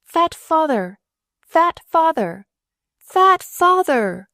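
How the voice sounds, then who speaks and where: High shrill young nurse, all nerves and outbursts as a woman narrator puts her on, no room sound at all. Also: measured pace, darkish tone, no room sound, studio quality, lightly acted. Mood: taunting shrill. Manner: overwrought, swinging between wailing and shrieking.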